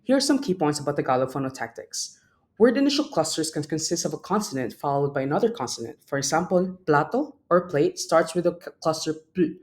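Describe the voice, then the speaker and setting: A man's voice: on the high side, expressive, brisk. Young male student presenter reading a prepared class talk and sounding out example words. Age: young adult.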